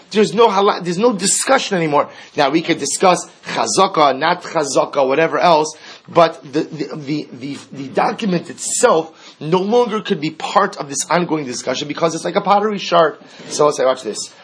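A man's voice: on the high side, husky, rough recording. A man teaching a Talmud class, explaining step by step and acting out the sages' exchanges.

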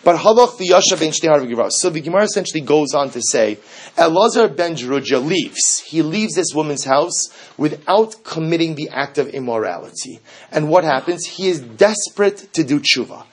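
Male teacher, fairly high husky voice, lively text-study lecture with rhetorical questions. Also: brisk. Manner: animated, rhetorical questions, Hebrew quotes. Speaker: Torah teacher. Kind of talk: text-based Talmud class.

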